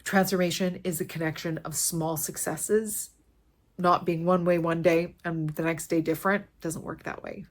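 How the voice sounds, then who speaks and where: Woman fitness coach, slightly low-pitched, emotional, heartfelt motivational vlog, repeats key lines. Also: steady tone, moderate pace. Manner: earnest, repeats key phrases for emphasis. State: emotional, close to tears. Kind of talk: heartfelt motivational talk to camera.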